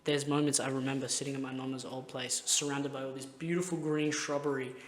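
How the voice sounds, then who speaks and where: A man's voice: mid-range voice, little pitch movement, a little fast. A young man hosting a podcast, telling rambling, heartfelt stories in casual chat and swearing constantly. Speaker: podcast host.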